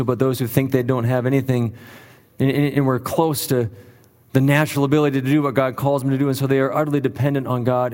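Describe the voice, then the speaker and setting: A man's voice: medium pitch, darkish tone, big-room sound. A male pastor preaching a sermon in an earnest, emphatic way, leaning on repeated phrases for weight.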